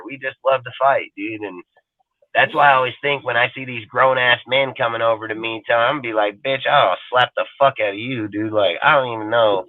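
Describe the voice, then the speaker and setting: A man's voice: medium pitch, dry recording. Crude, swearing man on a tinny line. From Northern California. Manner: loud, crude, constant swearing. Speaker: podcast co-host. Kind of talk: profane casual storytelling.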